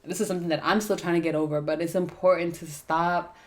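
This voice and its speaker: Chatty woman giving a tarot reading, lower voice. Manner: chatty, thinks aloud with frequent "like" and "right?"; lists keyword traits in a slow steady run. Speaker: tarot reader. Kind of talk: casual spiritual reading.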